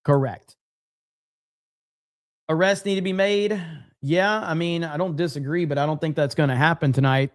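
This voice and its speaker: A man's voice: on the high side, normal speed, long pauses. A man hosting a live stream, chatting casually and with frequent swearing, reading viewer comments aloud. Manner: casual and profane, reads chat aloud. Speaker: livestream host. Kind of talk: casual live-stream chat reacting to clips.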